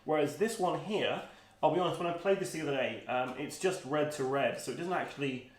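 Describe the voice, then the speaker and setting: A man's voice: fairly high pitch, a little fast. A man in his thirties co-hosting a board game review, asking questions and steering the casual chat. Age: 30s. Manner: inquisitive, steers the conversation. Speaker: board game channel co-host. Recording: roomy sound, mic at a distance.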